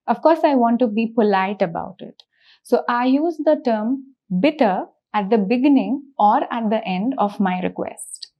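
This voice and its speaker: A woman teaching a beginner language lesson, explaining slowly and patiently and repeating each example. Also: a little high, warm tone, rough recording.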